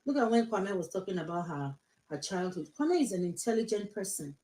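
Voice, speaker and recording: A woman's voice: medium pitch, expressive, fairly quick, mellow. Emphatic Nigerian woman in an echoey room. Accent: mixed Nigerian, British and American. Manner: emphatic, repeats her advice, slips into Yoruba phrases. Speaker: social media live host. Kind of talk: casual live-stream talk.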